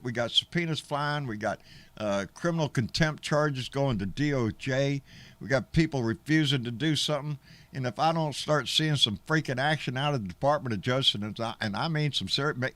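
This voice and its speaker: A man's voice: medium pitch, a bit bright, no room sound. A middle-aged man, hosting a casual livestream in a rambling, folksy, profane way and answering viewers' comments. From Texas. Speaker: livestream host.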